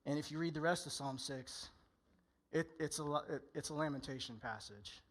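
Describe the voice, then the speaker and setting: A man's voice: a little high, moderate pace, fairly bright tone. A male pastor preaching a candid, conversational sermon in church, often acting out people's inner voices.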